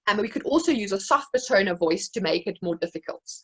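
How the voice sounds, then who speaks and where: A woman's voice: mid-range voice, animated, fast talker, breathy edge, low-quality recording. A woman with a South African accent, a speech-language therapist, presenting an educational webinar and explaining classroom activities with examples and occasional fillers. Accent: South African English.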